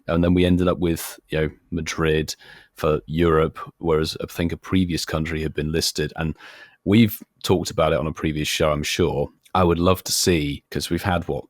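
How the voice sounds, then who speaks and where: Brief: British male podcast host, very low voice, relaxed musing, dry close mic. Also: dry recording. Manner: relaxed, musing, leads questions. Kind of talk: casual podcast chat.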